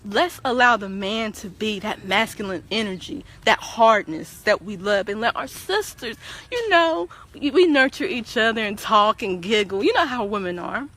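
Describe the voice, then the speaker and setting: A woman's voice: mid-range voice, expressive, moderate pace, fairly bright tone. A woman talking casually on a livestream, preachy and emphatic, speaking straight to her viewers and repeating words as she starts sentences. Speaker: guest on a livestream talk show. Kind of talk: casual opinionated livestream talk.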